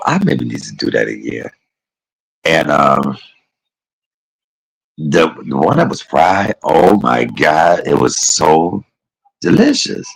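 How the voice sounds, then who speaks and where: A man's voice: extremely low pitch, creaky, husky, poor audio. A man chatting casually and rambling on a livestream, calling his viewers y'all and baby. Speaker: live streamer.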